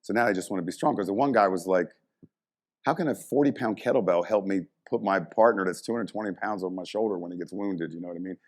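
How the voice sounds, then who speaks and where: A middle-aged man, a strength coach and motivational speaker, telling stories in a casual, animated way, swearing freely and saying "you know" a lot. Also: deep voice, quick pace. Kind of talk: casual storytelling talk.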